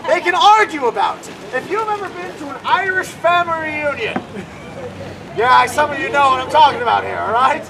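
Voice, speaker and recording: Male comic magician, high voice, bantering live outdoors over a noisy crowd. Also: lively intonation, normal speed, vocal fry. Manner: joking, banters with the audience. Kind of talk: live stand-up magic act. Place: outdoor fair stage. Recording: loud crowd around an outdoor show.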